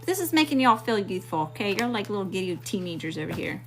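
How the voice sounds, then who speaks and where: A woman's voice: mid-range voice, very animated, fast talker, fairly bright tone, a little hiss or hum. A woman from Mississippi with a Southern accent giving a casual tarot reading to her viewers, talking in a sassy, blunt and profane way. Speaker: tarot reader.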